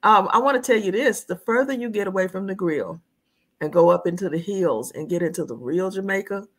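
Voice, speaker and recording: A woman's voice: mid-range voice, fairly quick. A woman from the United States, a guest in a casual conversation, telling stories with lots of laughter. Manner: animated storyteller, laughs often.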